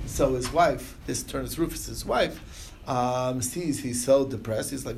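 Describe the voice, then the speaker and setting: A man's voice: mid-range voice, a little slow, creaky, few pauses, a little mellow, a little hiss or hum. A man teaching an informal Talmud class, retelling stories loosely with many fillers and restarts. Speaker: Torah teacher.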